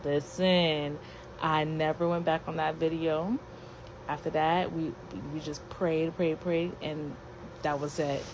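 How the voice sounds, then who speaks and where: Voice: medium pitch, flat delivery, slow, background noise. A person earnestly telling a personal spooky story in a casual way, repeating words.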